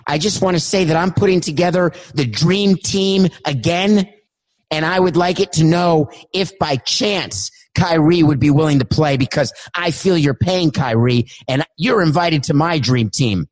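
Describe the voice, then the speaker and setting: A man putting on a higher voice to play an eager ex-player pitching his dream team. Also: unhurried.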